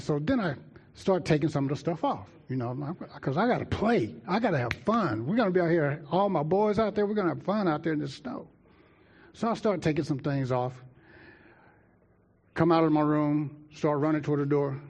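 Lively preacher man telling a story. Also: on the high side, normal speed, slightly rough, highs cut off. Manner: lively, talks to the congregation directly. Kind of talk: sermon storytelling.

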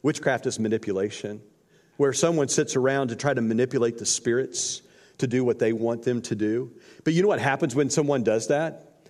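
Long hall reverb carries a male pastor's slightly mellow, mid-range voice as he preaches. His sermon retells scripture casually, in a slangy storyteller's manner.

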